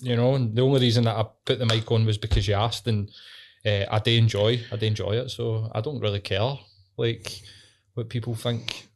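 A man's voice: lowish voice, steady tone, brisk. A man with a Glaswegian accent co-hosting a podcast, chatting casually with plenty of swearing. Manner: sweary, laughing, says "mate" a lot. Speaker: podcast co-host.

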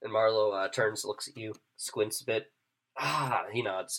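A man narrating as game master in a relaxed, loose way with many fillers. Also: lowish voice, a little slow, gravelly.

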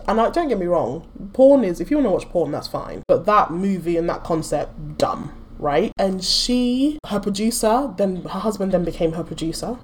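A woman hosting a podcast, telling stories in a blunt, animated, joking way. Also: fairly low pitch, slight background noise. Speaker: podcast host. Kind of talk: casual chat.

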